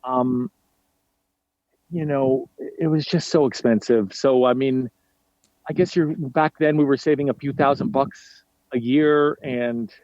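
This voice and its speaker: A man's voice: mid-range voice, no echo, lo-fi sound. A man in his forties from New York, chatting casually as a guest and telling stories with lots of fillers and restarts. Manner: animated storyteller, halting with fillers and restarts. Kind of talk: casual chat.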